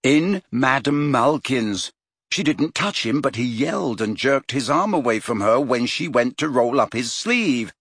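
A stubborn, earnest teenage boy, as a man reads him, pushing his point with lively rises and falls. the voice is husky and dry. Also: medium pitch, unhurried, dry recording, pitched above the performer's own voice. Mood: insistent. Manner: insistent, earnest.

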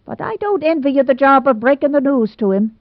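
Woman doing a loud sarcastic old housekeeper. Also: high voice, expressive, a little fast, dry recording, voice pushed up. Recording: dry tinny phone-like sound.

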